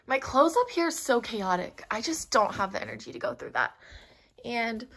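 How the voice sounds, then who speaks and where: A young woman with a lilt talks to her viewers as she tidies her home, chatty and unfiltered. Her voice sits a little high, and the room around her is echoey, with a faint noise underneath. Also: very animated, moderate pace, pushed and bright. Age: young adult. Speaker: lifestyle vlogger. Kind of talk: casual cleaning vlog chat. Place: home, bathroom and closet.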